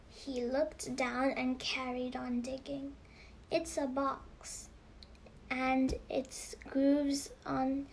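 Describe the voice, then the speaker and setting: A high-pitched woman reads a children's novel aloud at a very slow, careful pace. She stumbles and restarts now and then, and drops to a whisper for the hushed moments. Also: vocal fry, slight background noise. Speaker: reader.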